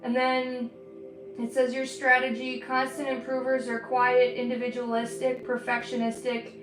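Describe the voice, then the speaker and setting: Woman, streamer, casual chatty delivery with a high voice, in a roomy space with faint music underneath. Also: monotone, moderate pace. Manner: chatty, rambling, laughs often. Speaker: livestreaming artist. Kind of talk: casual chat while painting. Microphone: streaming setup.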